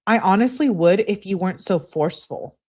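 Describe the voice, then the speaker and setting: A woman's voice: medium pitch, lively intonation, a little fast, a little mellow, lightly acted. A woman reading aloud the short, curt text replies of a young man to his girlfriend.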